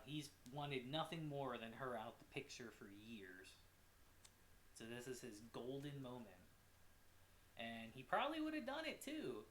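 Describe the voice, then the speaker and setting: A man giving a casual, animated recap of a show episode as a reviewer, with swearing and quick asides. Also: mid-range voice, reverberant, a little hiss or hum. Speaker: anime reviewer.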